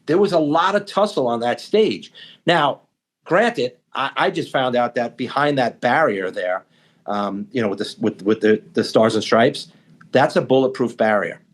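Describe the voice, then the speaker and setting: A man's voice: medium pitch, lively intonation, moderate pace. A man who once served as a police officer, co-hosting a casual talk show and retelling events in a heated, stammering way. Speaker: podcast co-host, former police officer. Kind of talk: casual discussion.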